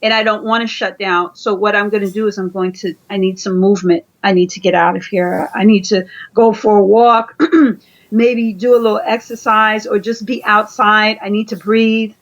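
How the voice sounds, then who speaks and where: A woman's voice: mid-range voice, flat delivery, normal speed, poor audio. A woman being interviewed, giving earnest conversational coaching advice and often repeating her phrases. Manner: earnest, repeats phrases, acts out quoted dialogue. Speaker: interview guest.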